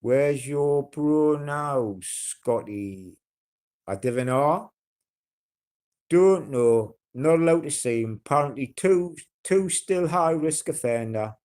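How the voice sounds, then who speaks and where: A man's voice: fairly high pitch, expressive, slow pace, a little mellow. A man with a broad Geordie accent chatting casually on a livestream, blunt and sweary, rambling with fillers and restarts. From North East England.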